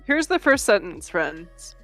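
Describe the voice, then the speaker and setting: Gravelly-voiced playful podcast co-host. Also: mid-range voice, very animated, a little slow, fairly bright tone, faint music behind. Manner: playful, teasing, reads passages aloud. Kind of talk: casual chat.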